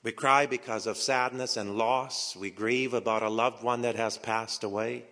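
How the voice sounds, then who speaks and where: A male pastor preaching a sermon with dramatic delivery, dropping to hushed whispers and rising to emphatic peaks, slow and deliberate with repeated phrases. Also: mid-range voice, steady tone. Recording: long hall reverb.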